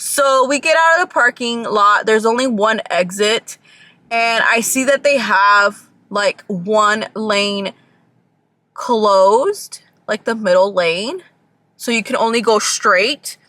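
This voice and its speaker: A young woman from Georgia, chatting casually in a storytime vlog, animated and swearing freely. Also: medium pitch, slow, dry recording. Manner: animated, swearing, acts out people in bursts. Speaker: vlogger.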